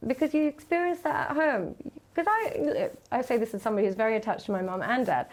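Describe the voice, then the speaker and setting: A woman's voice: on the high side, fast, darkish tone. A woman, giving analytical interview commentary and acting out quoted voices. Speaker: interview guest.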